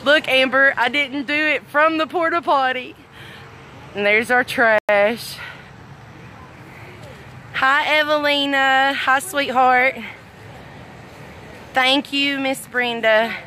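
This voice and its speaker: A woman's voice: high-pitched, slow, long pauses, pushed and bright, slight background noise, rough recording. A middle-aged woman from Arkansas with a Southern accent, chatting casually on a livestream outdoors, a little out of breath and reading comments aloud. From Arkansas, USA. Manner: chatty, affectionate, reads comments aloud, frequent laughs. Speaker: livestream host. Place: outdoors at a fireworks tent after a storm. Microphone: phone held at arm's length.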